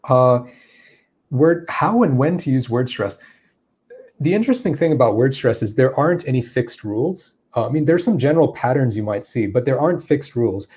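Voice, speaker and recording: A man with a warm, mellow voice runs a live question-and-answer session as an English speech coach. He reads each viewer's question aloud, says it again to himself, and then answers at an easy, unhurried pace. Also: medium pitch, breathy edge. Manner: relaxed, with frequent fillers and restarts.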